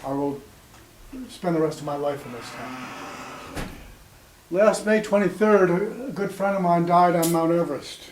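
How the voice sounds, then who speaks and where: A man in his sixties telling personal stories to a small audience, in a halting, conversational way full of ums and restarts. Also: on the high side, a little mellow, slight background noise. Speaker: storyteller at an open mic. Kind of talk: spoken storytelling to a small audience. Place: small cafe gathering room. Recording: echoey room with faint ambience.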